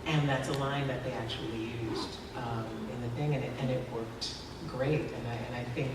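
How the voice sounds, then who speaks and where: A woman's voice: extremely low pitch, fairly even intonation, moderate pace. A woman as an actress answering questions at a convention panel, chatty and laughing often, with many fillers. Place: large convention hall. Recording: echoey hall from far off, noisy.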